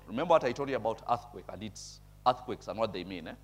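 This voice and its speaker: A man preaching a sermon, reading scripture and explaining it in a conversational way, checking in with listeners and chuckling at his own points, with loud emphatic bursts. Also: on the low side, expressive, fast, few pauses. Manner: conversational, tags remarks with "eh?". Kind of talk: sermon with bible reading and commentary.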